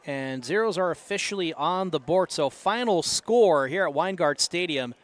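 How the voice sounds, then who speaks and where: Brief: male play-by-play announcer, slightly high voice, relaxed sign-off delivery. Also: moderate pace. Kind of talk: live sports commentary. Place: outdoor stadium press box.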